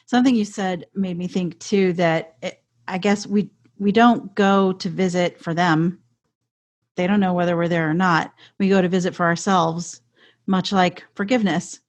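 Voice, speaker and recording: A woman's voice: fairly low pitch, steady tone, normal speed. A woman hosting a podcast interview, chatty and responsive, using frequent filler words. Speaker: podcast host.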